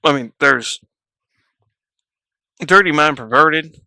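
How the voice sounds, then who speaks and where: Guy streaming from his room at night, slow drawl, bright tone, dry close sound. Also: medium pitch, vocal fry, dry recording. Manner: slow, wry, laughs between remarks. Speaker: live streamer. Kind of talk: casual live-stream chat.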